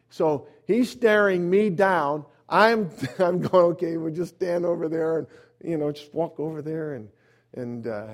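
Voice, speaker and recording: Man preaching, evangelist, storytelling sermon, bursts of loud emphasis, quiet asides, slightly higher voice.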